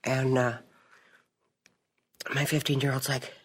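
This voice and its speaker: A middle-aged woman sharing her testimony at a recovery meeting, telling stories in a chatty, animated way. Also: a bass voice, slow pace, husky. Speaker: support group member.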